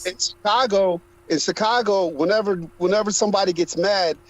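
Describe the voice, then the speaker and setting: A man's voice: high voice, brisk, rough recording. A man co-hosting a livestream, telling rambling personal anecdotes in casual chat. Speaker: livestream co-host.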